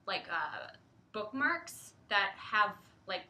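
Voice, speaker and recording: A woman's voice: medium pitch, very animated, takes it slowly, sharp tone. A young woman co-hosting a casual livestream chat, giggly and full of likes and ums. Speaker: publisher livestream co-host. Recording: echoey room.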